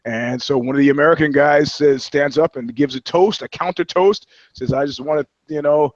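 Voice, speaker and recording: A man's voice: on the high side, moderate pace, dry recording, muffled recording. A man talking as a podcast guest, telling loose, profane anecdotes in casual chat. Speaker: guest, touring musician.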